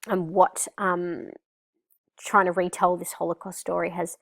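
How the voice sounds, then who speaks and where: A woman teacher with an Australian accent, reading passages from a graphic novel aloud and explaining them to students in a conversational way, often pausing to think. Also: fairly low pitch, little pitch movement, creaky, fairly bright tone, no echo. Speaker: English teacher.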